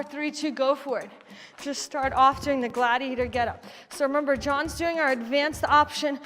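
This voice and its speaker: A high-pitched woman leads a kettlebell workout class, calling out counts and cues while she demonstrates the moves. Her voice rings with a long reverb, and faint music plays underneath. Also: a bit bright. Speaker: fitness instructor. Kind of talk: live workout class coaching.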